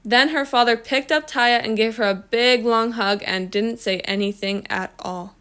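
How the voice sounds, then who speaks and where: A woman reading a children's story aloud in a slow, expressive storytelling manner. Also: a little high, clean tone. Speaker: reader.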